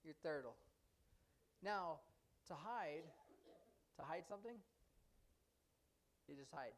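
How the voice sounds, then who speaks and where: A man's voice: fairly high pitch, animated, slow pace, a little hiss or hum. A man teaching an informal sign language class in a church classroom, taking students' questions one by one and thinking aloud as he explains each sign. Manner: easygoing, answers students by turns, thinks aloud.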